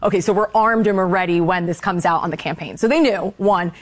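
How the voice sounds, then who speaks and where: A woman panelist giving measured, skeptical commentary on a talk show. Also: lowish voice.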